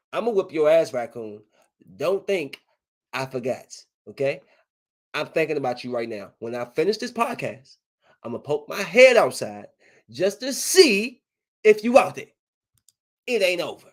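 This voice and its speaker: In a loose solo podcast, a man talks and swears freely, his pitch leaping around. He trash-talks and reads news items aloud between his own comments, in a mid-range voice. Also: normal speed. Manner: animated, profane trash-talk. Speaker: podcast host. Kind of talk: casual solo podcast chat.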